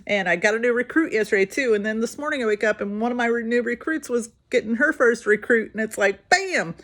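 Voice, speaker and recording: A woman's voice: on the high side, fast, fairly bright tone. Middle-aged woman, casual talker, coaches her sales team while she gets ready, acts out the people in her anecdotes. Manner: chatty storytelling, acts out quoted voices. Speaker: direct sales team leader. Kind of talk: casual vlog advice while doing makeup.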